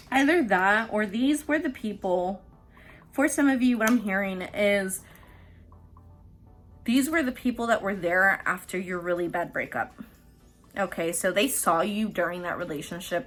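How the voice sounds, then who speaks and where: A woman giving a loose, conversational tarot reading for her viewers. Her voice sits at an ordinary middle pitch, and she swears freely and breaks into laughter as she talks. Faint music plays underneath. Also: a bit bright. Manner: chatty, profane, laughs often. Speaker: tarot reader and host. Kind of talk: casual pick-a-card tarot reading.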